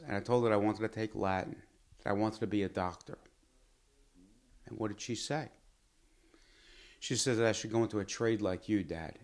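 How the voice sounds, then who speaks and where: A middle-aged doctor tells his own story in a measured, earnest way. His voice sits very low and deep. He speaks reflectively, like someone looking back on a lesson he has lived by. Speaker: physician and pharma executive. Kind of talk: personal storytelling to camera.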